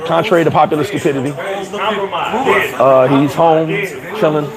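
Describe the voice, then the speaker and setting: A man hosting a casual livestream, laughing often, talking in slang and giving shout-outs to viewers. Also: a little high, unhurried, low-quality recording. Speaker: livestream host. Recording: crowd chatter behind.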